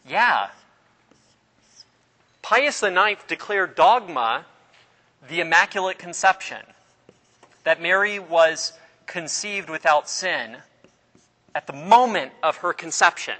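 Guy teaching a religion class, quizzing the kids, bright voice, echoey hall. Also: fairly high pitch, lively intonation, takes it slowly, pauses often. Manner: quizzes the class, restarts sentences, storytelling. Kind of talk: classroom lecture. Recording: long reverb of a hall.

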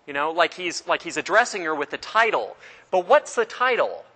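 A man with a bright, fairly high voice gives a classroom lecture on religion. He quizzes his students, tells stories, and often breaks off to restart a sentence. The sound rings with a long room reverb. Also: sing-song, moderate pace. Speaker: religion teacher.

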